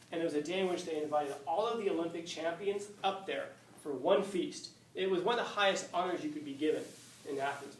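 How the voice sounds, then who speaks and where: A male teacher telling a story in a casual, joking lecture, with slang and quick asides. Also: on the high side. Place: classroom. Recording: echoey classroom, far mic, faint hiss.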